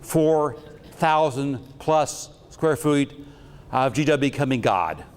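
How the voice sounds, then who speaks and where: A man's voice: mid-range voice, slow pace, clear, resonant tone, big-room sound. A man giving a lecture with slides on metaphysics, talking in a rambling, jokey and irreverent way.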